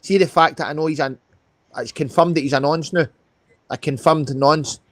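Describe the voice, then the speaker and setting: A man's voice: a little high, normal speed, a bit bright, no room sound. A man with a Scottish accent, talking heatedly and swearing a lot on a live call, tagging lines with "mate" and "know what I mean". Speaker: live stream guest. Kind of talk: casual chat on a live call.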